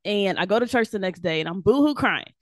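A woman guest on a faith podcast, chatting casually and telling her story with animated energy and frequent laughs. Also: medium pitch, fairly quick, dry recording, studio quality. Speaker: guest, devotional author.

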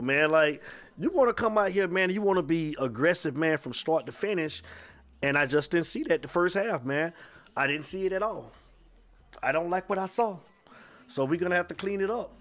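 Loose, streetwise sports show host. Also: male voice, high voice, fairly bright tone. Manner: loose and streetwise, says "man" constantly. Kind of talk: casual sports talk, taking calls and texts.

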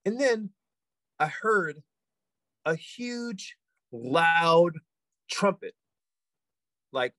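Man putting on a shaken young guy recounting his apocalypse vision, higher and lively, very dry sound. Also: drawn-out words, long pauses, dry recording, heavily acted. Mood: awed, panicked.

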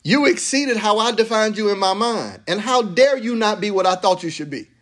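High-voiced animated preacher man. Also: normal speed, slight background noise. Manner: animated, playful preaching with slang and laughter. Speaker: pastor. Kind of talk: sermon. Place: church sanctuary with congregation.

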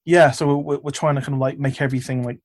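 A man's voice: mid-range voice, fairly even intonation, quick pace, no echo. A man, a filmmaker, chatting casually in an interview, rambling with lots of fillers and restarts. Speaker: filmmaker guest.

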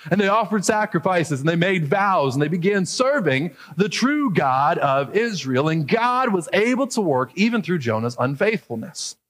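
High-voiced pastor preaching, reads verses then acts out the lines, big reverb hall sound. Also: male voice, big pitch swings, normal speed, few pauses, a bit bright. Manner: expository preaching, voicing quoted characters with rising emphasis. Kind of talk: sermon.

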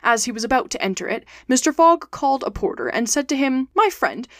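A woman hosting a storytelling podcast, reading a classic novel aloud in a steady, clear, expressive way. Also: high voice, quick pace, no room sound, studio quality.

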